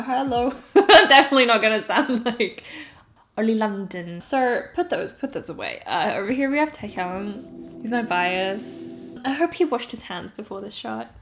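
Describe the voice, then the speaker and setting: A woman's voice: medium pitch, lively intonation, normal speed, a bit bright. A woman in her twenties, chatty and giggly, talking casually through a collection with joking asides. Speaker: vlogger. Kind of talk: casual album walkthrough.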